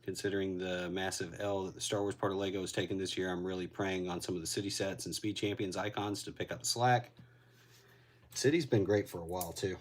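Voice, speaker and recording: A man's voice: low-pitched, fairly even intonation, fairly quick. A man getting over a cold, a little winded, chatting casually to a live-stream audience while he builds. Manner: laid-back, rambling, reacts to chat. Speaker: LEGO builder streaming to chat.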